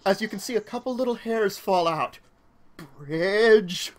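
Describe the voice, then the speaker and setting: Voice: medium pitch, fairly quick. A game master narrating a tabletop game, rambling with many fillers and little laughs.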